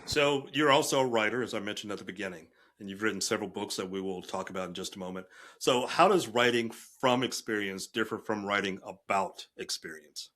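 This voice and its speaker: A man hosting a podcast, asking his guest questions in a calm, plain way. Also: on the low side, a little fast, few pauses. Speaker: podcast host. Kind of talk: interview questions.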